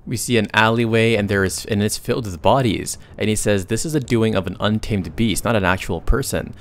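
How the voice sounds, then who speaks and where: A man's voice: fairly low pitch, a little fast. A man narrating a comic story recap in a casual, slangy way, breaking off for joking asides to his viewers.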